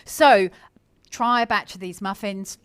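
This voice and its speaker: A woman's voice: mid-range voice, unhurried, smooth, no room sound. Bubbly woman hosting a cooking show. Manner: bubbly, gushing, lots of fillers and repeats. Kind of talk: casual cooking show chat.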